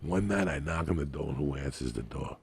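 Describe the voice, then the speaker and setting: Comedian, male, low gravelly rasp, rambling filthy anecdotes, cracks himself up. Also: fairly quick. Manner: profane, rambling, laughs at his own stories. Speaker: stand-up comedian. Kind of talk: crude podcast storytelling.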